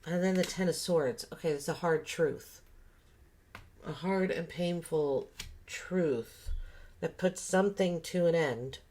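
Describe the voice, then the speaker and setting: A woman's voice: on the low side, slow, a little mellow. A woman giving a casual tarot reading, thinking aloud and musing with many fillers and restarts. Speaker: tarot reader.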